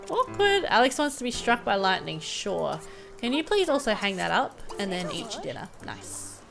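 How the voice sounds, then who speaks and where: A woman's voice: a little high, sing-song, unhurried, creaky, pauses often, a bit bright, faint music behind. Chatty, giggly woman narrating gameplay. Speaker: gameplay video host. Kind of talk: casual gameplay commentary.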